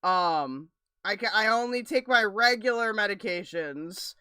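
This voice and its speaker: Bright, playful female stream co-host. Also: medium pitch, animated, measured pace, smooth, dry recording. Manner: chatty, playful, candid. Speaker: livestream co-host. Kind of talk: casual livestream chat.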